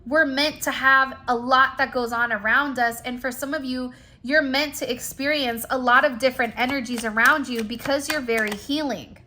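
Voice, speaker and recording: A woman gives a spiritual card reading straight to camera in a high, bright voice, holding a steady tone at normal speed. She is chatty and emphatic with plenty of "like" and "you know," consistently conversational and encouraging, and there's a little hiss or hum in the audio.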